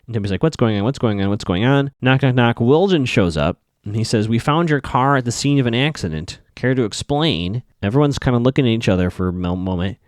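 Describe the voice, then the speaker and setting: Chatty man with a lively pitch. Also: no echo, studio quality. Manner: chatty, loose, many fillers, acts out characters' lines in passing. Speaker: podcast host recapping a TV episode. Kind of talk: casual solo recap.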